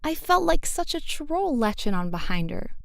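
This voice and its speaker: A woman's voice: high voice, big pitch swings, normal speed, creaky, a bit bright, no echo, clean studio sound. A woman with a British accent narrating a first-person story in a wry, self-conscious tone. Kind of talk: scripted audiobook narration.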